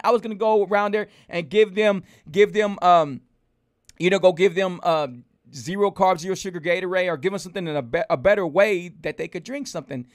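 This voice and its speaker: A man hosting a casual livestream, animated and preachy, hammering home rhetorical questions to his viewers. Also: high-pitched, a little fast. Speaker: host of a health livestream.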